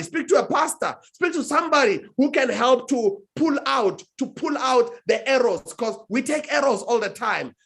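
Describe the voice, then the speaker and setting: A man's voice: extremely high pitch, a bit bright. Emphatic man giving motivational advice. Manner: emphatic, repeats phrases for effect. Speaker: guest. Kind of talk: motivational advice on a talk show.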